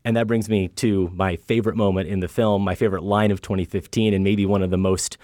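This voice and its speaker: A man's voice: sits low, little pitch movement, fast, darkish tone, no echo, studio quality. A middle-aged man co-hosting a film podcast, talking in a reflective, earnest way about a movie and his own family. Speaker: podcast co-host. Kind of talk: casual film discussion.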